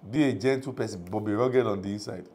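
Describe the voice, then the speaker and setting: A man's voice: on the low side, fast talker, a little mellow, a little hiss or hum. A middle-aged Nigerian man preaching a sermon as pastor, emphatic, often asking the congregation if they follow.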